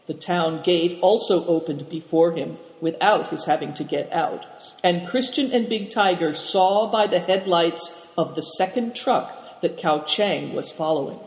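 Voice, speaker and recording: A man narrating an audiobook in a measured, even storytelling manner. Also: on the high side. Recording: echoey room with long reverb.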